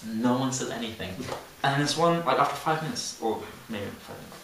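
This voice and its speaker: Rambling teen in an echoey room. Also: male voice, medium pitch, fairly quick. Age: late teens. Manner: rambling, animated, laughs often, many fillers. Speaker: podcast co-host. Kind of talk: casual storytelling chat. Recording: echoey room, distant mic, faint hiss.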